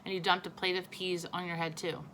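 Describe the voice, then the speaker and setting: A woman's voice: lowish voice, flat delivery, brisk, fairly bright tone, a little hiss or hum, natural voice, poor audio. A woman reading aloud and voicing an exasperated, sulky older brother. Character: annoyed older brother, young boy.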